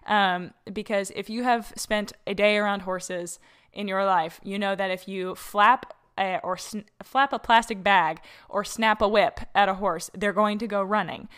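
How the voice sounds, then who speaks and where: Chatty young woman with a smooth voice. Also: mid-range voice, fairly even intonation, a little slow, a bit bright. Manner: chatty, laughs often, frequent fillers. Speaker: podcast host. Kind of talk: casual solo podcast. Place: borrowed house, slightly echoey room. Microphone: own podcast mic.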